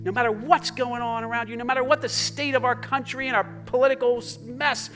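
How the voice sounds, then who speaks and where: High, bright-voiced fervent male pastor. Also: fairly even intonation, brisk, faint music behind. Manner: swings between fervent exclamations and hushed, soft passages; jokey asides to the congregation. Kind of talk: sermon.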